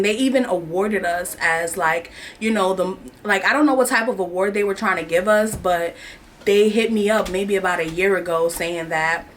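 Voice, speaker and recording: A woman's voice: medium pitch, fairly bright tone, a little hiss or hum. Young woman from new york vlogging, slangy and candid, talks straight to her viewers. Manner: candid, slangy, emotional storytelling. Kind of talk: casual confessional chat.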